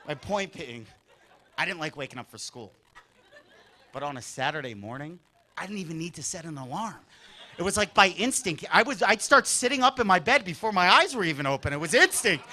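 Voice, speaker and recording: A man doing a stand-up routine on a comedy club stage, telling stories in an animated, exaggerated way. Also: high voice, fairly quick, a little hiss or hum.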